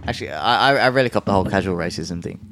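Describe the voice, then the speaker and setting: A man's voice: low voice, animated, very fast, a bit bright, slight background noise. A man co-hosting a casual chat, laughing often and stumbling over his words. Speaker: podcast co-host.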